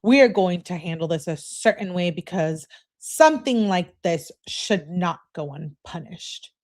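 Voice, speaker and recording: A stern, domineering man handing out orders and demanding answers, read aloud by a woman. The voice is commanding and firm, with no softness in it. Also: fairly low pitch, animated, a little slow.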